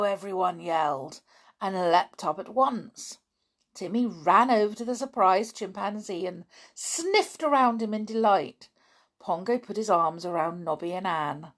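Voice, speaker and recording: A woman reading a children's story aloud, gentle and expressive. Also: measured pace. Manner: gentle, expressive, raises pitch for children's voices.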